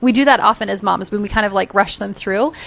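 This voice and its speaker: A woman's voice: medium pitch, quick pace, vocal fry, fairly bright tone. A woman parent coach who is a guest on a podcast, talking candidly in casual conversation with filler words. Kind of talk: casual interview chat.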